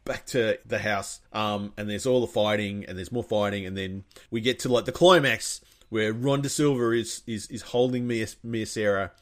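A man chatting casually, rambling through a lively film recap. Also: lowish voice, normal speed, hardly any pauses. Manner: rambling, animated retelling with acted-out quotes. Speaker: podcast co-host recapping a film. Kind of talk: casual chat.

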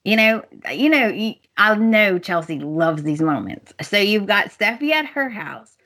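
A woman's voice: mid-range voice, big pitch swings, a little slow, pushed and bright. A woman co-hosting a podcast, chatting casually as she recaps soap opera episodes and acts out the characters' lines. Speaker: podcast co-host.

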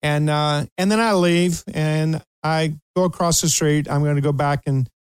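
This slightly high voice belongs to an older talk show host from Kentucky, speaking at a moderate pace with a clean tone and no echo. Telling a funny story, he laughs a lot and brings quoted voices to life as an animated storyteller.

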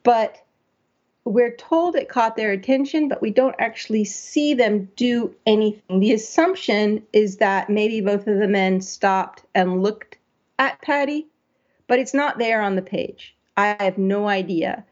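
A woman's voice: mid-range voice, a little slow, a little mellow, dull audio. A woman giving a conversational critique of a story draft, thinking aloud and asking herself questions as she works. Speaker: writing editor.

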